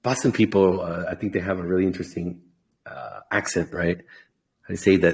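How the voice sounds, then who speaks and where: A man with a lowish voice hosts a podcast over a video call. He chats casually, joking and encouraging his listeners. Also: fast talker, darkish tone. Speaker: podcast host. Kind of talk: casual chat.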